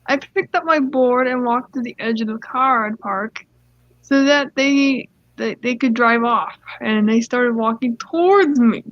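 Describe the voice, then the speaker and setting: A woman's voice: a little high, a little slow, dry recording. A young woman casually reading online stories aloud, giggling and rambling off into side comments. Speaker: story reader. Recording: dull lo-fi dry mic.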